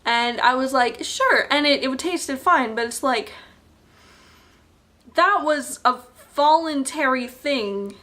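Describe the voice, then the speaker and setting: A woman's voice: sits high, slow pace, bright, forceful tone. A young adult woman ranting to camera in a resort hotel room. She sounds exasperated, swears often and rambles through restarts. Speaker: vlogger.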